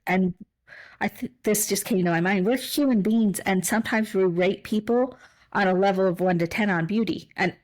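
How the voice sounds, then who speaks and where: A woman's voice: medium pitch, moderate pace, poor audio. A woman co-hosting a casual podcast, talking in a reflective way that turns emotional, with frequent restarts. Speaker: podcast co-host.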